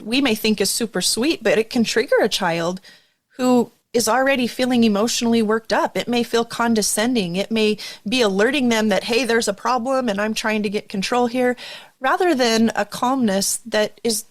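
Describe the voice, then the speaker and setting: A woman's voice: on the high side, no room sound. A woman hosting a parenting podcast, affirming her guest and telling stories from her own family. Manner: warm affirming, shares personal parenting stories. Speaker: podcast host. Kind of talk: podcast interview.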